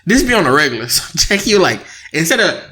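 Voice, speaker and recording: A young man co-hosting a casual podcast with his wife, telling an animated story, laughing often and acting out both sides of an argument. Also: a little high, fast talker. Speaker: podcast co-host. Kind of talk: casual married-couple podcast chat.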